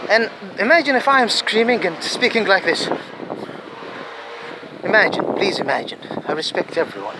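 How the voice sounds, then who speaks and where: A man's voice: sits high, very animated, moderate pace, long pauses, background noise. A man vlogging in a rambling opinion monologue, pleading and repeating himself emphatically.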